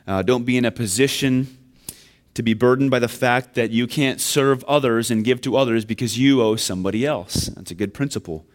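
A man's voice: medium pitch, fairly quick. A man preaching a sermon, earnest and building to emphatic questions. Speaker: pastor.

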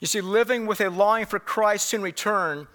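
A man's voice: high voice, normal speed, fairly bright tone. A man preaching a sermon, emphatic and repeating key phrases for weight. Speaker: pastor.

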